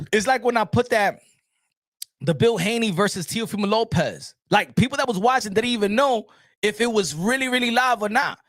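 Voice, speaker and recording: A man hosting a casual boxing live stream, animated and laughing, often repeating himself and switching between languages. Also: high-pitched, normal speed, no room sound, studio quality.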